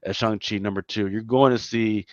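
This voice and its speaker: A man's voice: lowish voice, steady tone, moderate pace, no echo. Emphatic Philly man, dull dry recording. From Philadelphia, USA. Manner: emphatic, repeats words, peppers speech with "man" and "right?". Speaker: podcast co-host. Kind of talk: casual chat.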